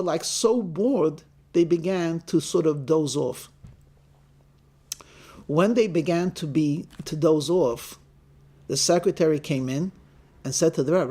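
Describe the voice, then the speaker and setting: Rabbi, male, fairly high voice, lively storyteller. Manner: animated storyteller who acts out the characters' lines. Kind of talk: storytelling sermon.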